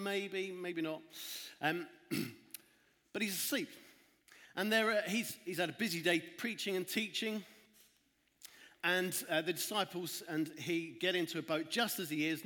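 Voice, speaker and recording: Higher man giving a church children's talk. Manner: lively, dramatic storytelling with asides. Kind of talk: children's sermon and Bible reading. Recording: echoey hall.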